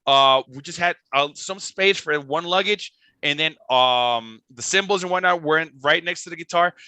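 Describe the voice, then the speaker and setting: A young man from Costa Rica, a band member telling a tour story in a casual, animated way, full of "like" and restarts. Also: a little high, moderate pace, clean tone, no room sound. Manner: animated, swearing, lots of "like" and restarts. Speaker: band member, podcast guest.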